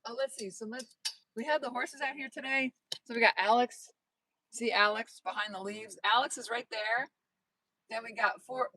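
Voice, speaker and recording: A woman's voice: on the high side, normal speed, pushed and bright, poor audio. A woman host chatting casually on a phone livestream outdoors by a horse paddock, upbeat and reading out viewer comments. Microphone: phone held in hand.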